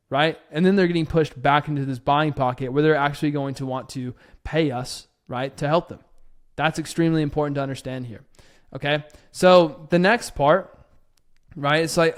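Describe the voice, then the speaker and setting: A man's voice: on the high side, a little fast. A young man in his twenties giving a casual spoken lesson, talking loosely with lots of fillers and acting out both sides of a sales conversation. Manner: filler-heavy and conversational, acting out client dialogue. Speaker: copywriting course instructor.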